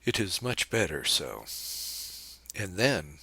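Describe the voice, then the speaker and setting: A man reading the part of a poised young woman who speaks lightly, with a gentle mocking edge. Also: deep voice, very animated, slow, gravelly, breathy edge, no echo, exaggerated voice. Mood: cool, mocking.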